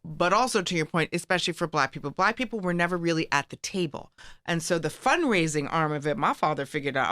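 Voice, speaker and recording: A woman's voice: on the low side, lively intonation, fast talker, a bit bright, dry recording. A middle-aged American woman telling stories as a guest in a casual chat, acting out the people she quotes. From United States. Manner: storytelling, acts out quoted voices.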